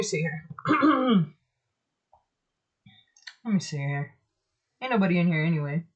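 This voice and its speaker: A young adult woman with a fairly low, breathy voice speaks slowly with big pitch swings and frequent pauses. Live-streaming while she fixes her setup, she chats and curses casually, talks to herself over the tech, and sings little ditties under her breath.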